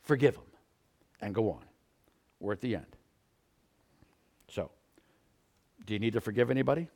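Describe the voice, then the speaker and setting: A man preaching a sermon, moving from quiet, earnest teaching to loud, pleading peaks. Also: on the low side, lively intonation, normal speed.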